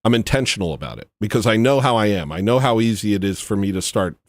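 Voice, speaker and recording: A man's voice: on the low side, animated, quick pace, no room sound, studio quality. A man hosting a livestream, rambling and joking in a self-mocking, comedic rant. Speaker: livestream host.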